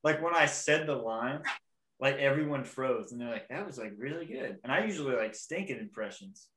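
Bright-voiced young man in echoey room. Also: medium pitch, animated, moderate pace. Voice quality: describes own voice as weaselly. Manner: rambling, laughing, trying out impressions. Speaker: podcast host. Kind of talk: casual chat.

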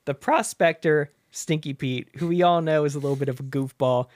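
Guy retelling a story on a podcast, lively and laughing, super dry audio. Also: on the high side, fairly quick, dry recording. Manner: animated, laughs often, acts out characters. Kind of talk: casual chat retelling a story.

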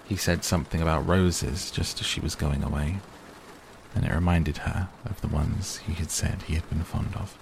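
A man softly reading a bedtime audiobook in a calm, even way. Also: deep voice, normal speed, creaky, a little hiss or hum. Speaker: audiobook narrator. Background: rain sounds.

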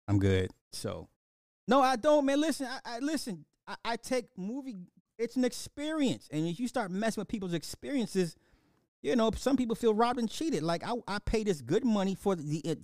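A man with a fairly high voice rants through a casual movie review, swearing freely and breaking into laughter between lines. His delivery is loose and animated, and the recording is dry and close, with no room sound. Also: no echo. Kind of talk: casual profane rant to camera.

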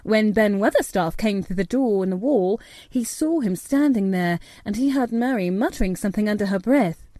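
A woman narrating a storybook in a measured, steady reading voice. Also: mid-range voice, dry recording. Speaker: audiobook narrator.

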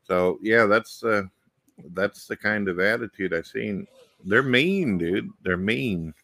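A man's voice: fairly low pitch, expressive, takes it slowly, sharp tone, no echo. A middle-aged man talking casually and bluntly, swearing freely as a show host. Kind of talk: casual conversation.

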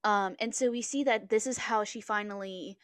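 A woman's voice: medium pitch, steady tone, normal speed, dry recording, studio quality. A woman co-hosting a podcast, casually retelling things in a rambling way with lots of fillers and restarts. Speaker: podcast co-host. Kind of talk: casual book chat.

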